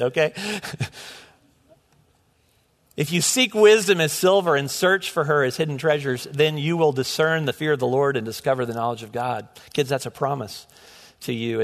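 A man's voice: fairly high pitch, a bit bright. Earnest man preaching in an echoing church. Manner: earnest, with frequent restarts and repeated words. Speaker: pastor. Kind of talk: sermon. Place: church sanctuary. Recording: long hall reverb.

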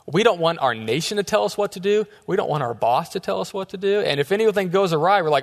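A man's voice: high voice, expressive, quick pace, hardly any pauses. Youth pastor guy in his 30s, light voice, casual jokey sermon, echoey church hall. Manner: casual, joking storytelling. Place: church sanctuary.

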